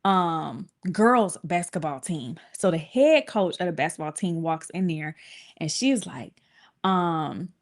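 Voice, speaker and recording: A young woman vlogging a casual storytime, talking animatedly and jumping up in pitch when she acts out what people said. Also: slow. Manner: animated, acts out quotes with big pitch jumps.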